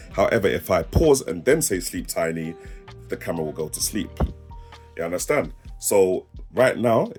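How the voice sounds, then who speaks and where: A man's voice: sits low, a little mellow. A young man with a South East London accent, demoing a webcam to camera in casual slang, laughing and joking as he goes. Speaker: tech reviewer. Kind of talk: casual product demo to camera.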